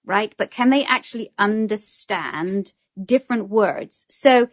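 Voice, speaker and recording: A woman's voice: mid-range voice, measured pace, no room sound, highs cut off. A woman in casual conversation, eagerly explaining and often checking in with "right?". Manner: chatty, explains eagerly with many "right?" tags. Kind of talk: casual chat.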